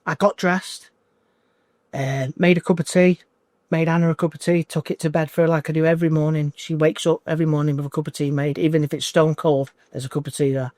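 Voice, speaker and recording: Man, forties, coaching client in an emotional interview; halting and repetitive delivery, slightly high voice, dry close recording. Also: steady tone, darkish tone, no echo. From United Kingdom. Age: 40s. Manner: halting, repeats himself, restarts phrases.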